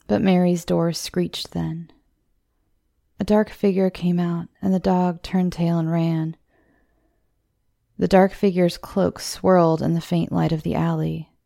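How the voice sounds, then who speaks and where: A woman hosting a horror story show, reading the tale in a measured, scripted way. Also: on the low side, creaky, mellow, no room sound, studio quality. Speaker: horror story narrator, podcast host.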